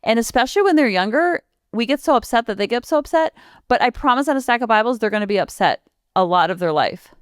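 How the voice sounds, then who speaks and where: Smooth-voiced woman podcast host. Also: on the high side, lively intonation, fast talker, no echo, clean studio sound. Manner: chatty, piles up long lists of examples. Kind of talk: casual solo podcast talk.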